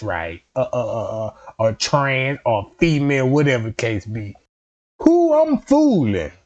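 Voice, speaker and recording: A man's voice: on the high side, darkish tone. A man in a casual comedic rant, profane and rambling, jumping into quoted voices, on a dull lo-fi recording.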